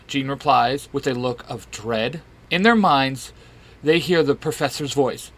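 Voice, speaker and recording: A man narrating a fan comic story aloud with an expressive delivery. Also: mid-range voice, moderate pace.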